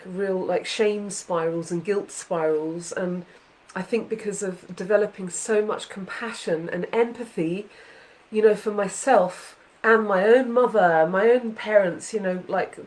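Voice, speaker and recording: A woman's voice: medium pitch, darkish tone, low-quality recording. A woman hosting a casual chat with her son, heartfelt and rambling, full of fillers and restarts. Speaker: podcast host, mother.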